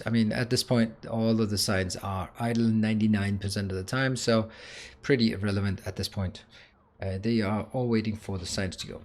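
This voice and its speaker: Guy talking thru his game build, casual, lots of ums and restarts, mid pitch. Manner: thinking aloud, with fillers and restarts. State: has the hiccups. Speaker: gaming YouTuber. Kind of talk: casual gameplay commentary.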